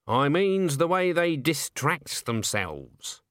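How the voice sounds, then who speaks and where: Man doing a blunt old witch, stern, probing, lively pitch, dry. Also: slow, clear, resonant tone, no room sound, full character voice.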